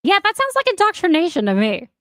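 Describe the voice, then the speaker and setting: A woman's voice: very high-pitched, huge pitch swings, fast talker, no room sound, studio quality. A woman co-hosting a commentary show who reacts with giggles and disbelief. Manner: giggly, incredulous. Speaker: co-host.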